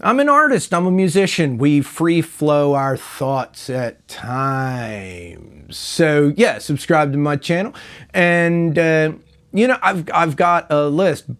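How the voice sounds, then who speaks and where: A man's voice: fairly high pitch, slow pace, clean tone. A middle-aged man casually rambling to camera as a guitar channel host, laid-back, often adding "man" and "right?". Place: home room with a wall of guitars.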